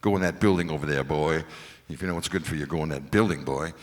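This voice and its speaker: A man's voice: extremely low pitch, fast talker, slight background noise, voice pushed down. A man playing a menacing border guard with a Southern US accent, recorded in a concert hall with a long reverb.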